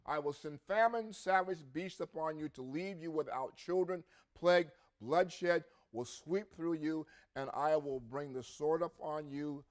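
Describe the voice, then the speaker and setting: A man's voice: fairly high pitch, a little slow, few pauses. A man co-hosting a religious podcast, reading scripture aloud with rising emphasis and adding his own comments. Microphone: podcast mic.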